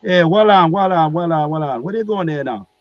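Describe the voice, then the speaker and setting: A man voicing an excitable male archangel with a Jamaican accent, stammering and repeating himself. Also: a little high, fairly quick, no echo, pitched above the performer's own voice, lightly acted. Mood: excited. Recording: dull lo-fi recording.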